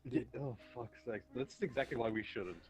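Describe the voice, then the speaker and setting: A man's voice: mid-range voice, moderate pace, a little mellow, faint music behind, rough recording. A man from South Africa trading dry, wry remarks in casual chat on a stream.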